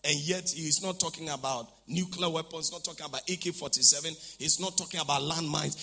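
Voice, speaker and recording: A man preaching a sermon, shifting from low asides to shouts as he acts out what people said. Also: a little fast, few pauses, a crowd in the background.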